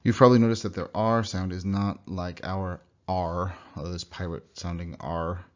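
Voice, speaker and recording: A young man giving a recorded slide lesson, explaining sounds and repeating example words slowly. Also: low-pitched, steady tone, a little mellow. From United States. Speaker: language teacher. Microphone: computer mic. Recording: dull lo-fi computer recording.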